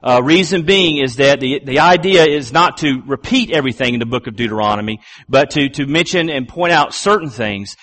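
A middle-aged man preaching a sermon, repeating key phrases and slowing down, low and deliberate, when he reads scripture. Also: expressive, fairly bright tone. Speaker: pastor.

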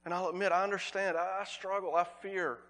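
A man preaching a sermon as pastor, earnest, repeating words for emphasis and slowing on key phrases. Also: high voice, level tone, sharp tone.

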